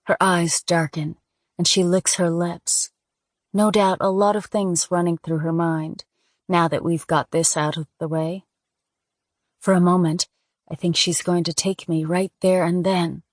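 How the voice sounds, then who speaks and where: A woman reading a first-person audiobook in a measured, intimate storytelling manner. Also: fairly low pitch, flat delivery, no echo, clean studio sound. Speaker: audiobook narrator.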